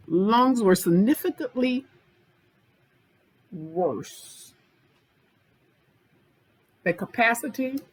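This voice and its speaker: A woman's voice: on the high side, husky, rough recording. A woman anger management therapist giving an informal self-help talk, speaking directly to viewers and repeating points for emphasis.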